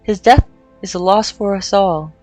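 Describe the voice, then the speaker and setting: A woman's voice: medium pitch, normal speed, a little mellow, dry recording, faint music behind, natural voice. Woman reading as a somber male mercenary officer. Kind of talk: reading game dialogue aloud.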